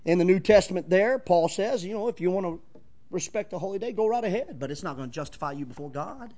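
A man's voice: high-pitched, expressive, quick pace, dark tone. A man preaching a sermon, emphatic and folksy, repeating key phrases and talking straight to the congregation. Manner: folksy, conversational asides to the congregation.

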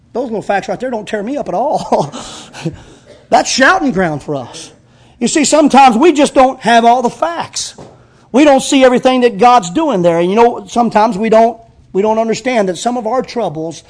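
A man preaching a sermon with fervor, reading scripture aloud and swelling loud on key phrases before dropping low. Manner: reads scripture aloud, slowing for emphasis. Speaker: pastor.

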